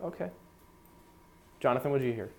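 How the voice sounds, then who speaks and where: A man's voice: medium pitch, lively intonation, a little fast, gravelly, darkish tone. A young man coaching a small brass ensemble in rehearsal, talking casually with lots of fillers and singing out syllables to demonstrate articulation. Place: rehearsal room with brass players.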